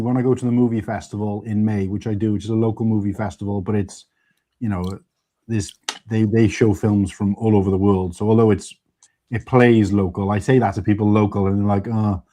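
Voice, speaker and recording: A man's voice: on the low side, fairly even intonation, a little fast, dark tone. A man hosting a casual panel chat, a rambling, chatty storyteller. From United Kingdom. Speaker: stream host.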